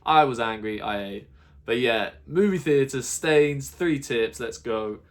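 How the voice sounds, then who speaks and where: A man's voice: medium pitch, expressive, slow. A man telling an exasperated, sweary rant in a casual vlog monologue. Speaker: YouTuber.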